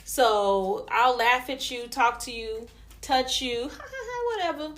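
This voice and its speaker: A woman co-hosting a podcast, telling a story in casual chat, animated and profane, laughing as she goes. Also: on the high side, slow pace. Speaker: podcast co-host.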